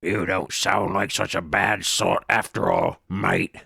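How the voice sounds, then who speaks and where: A man's voice: sits low, takes it slowly, creaky, bright, forceful tone, husky, dry recording, studio quality, pitched below the performer's own voice, full character voice. A man voicing a greasy, ragged male adventurer who digs up relics and calls everyone mate. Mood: drawling. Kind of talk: reading video game dialogue aloud.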